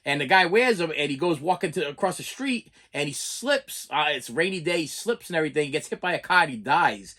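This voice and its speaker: A man's voice: on the high side, expressive, a little fast, hardly any pauses, pushed and bright. A middle-aged man who collects movies, telling a long story in a casual, rambling way and often stammering and repeating words.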